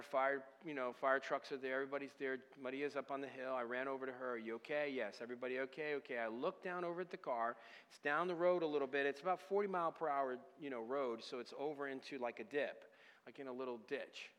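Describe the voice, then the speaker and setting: Passionate preacher in a reverberant hall. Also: male voice, mid-range voice, fairly even intonation, quick pace, clear, resonant tone. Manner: preaching, swings from quiet storytelling to loud passionate crying out. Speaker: pastor. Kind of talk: sermon with personal story.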